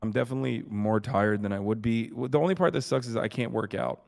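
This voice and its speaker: A man streams live, chatting casually and crudely while tired and sick with covid, swearing a lot and joking around. He talks fast in a medium-pitched voice that's gravelly and a little mellow.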